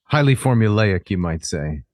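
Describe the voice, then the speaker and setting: A man's voice: on the low side, lively intonation, normal speed, darkish tone, no echo. A man co-hosting a podcast in a studio, chiming in with short, dry remarks. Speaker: podcast co-host. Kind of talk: casual podcast interview.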